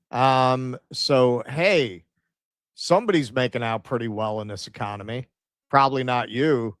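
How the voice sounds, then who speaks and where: Mid-pitched New co-host, wry and chatty, dry sound. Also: male voice, no room sound. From New York. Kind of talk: casual livestream chat.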